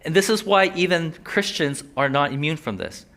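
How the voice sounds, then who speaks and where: A young man gives a sermon in an easy, talkative way, tossing in jokes and acting out people's inner thoughts. He speaks with a slight lisp from a sore tongue. His voice is bright and forceful, and it sits a little high for a man. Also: moderate pace. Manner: conversational, joking asides, voices inner thoughts. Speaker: preacher.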